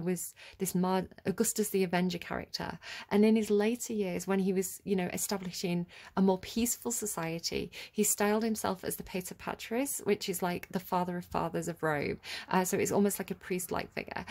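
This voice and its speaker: A woman's voice: medium pitch, a little mellow. A woman giving a casual tarot reading, rambling and chatty as she drifts off on tangents. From United Kingdom. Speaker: tarot reader.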